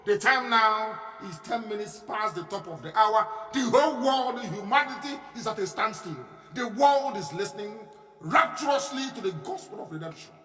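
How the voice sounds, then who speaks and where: High-voiced Nigerian man, echoey and distant. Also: expressive, normal speed, fairly bright tone. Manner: emphatic, mocking, repeats phrases. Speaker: radio broadcaster. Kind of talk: live radio broadcast monologue. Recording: echoey distant room with faint music.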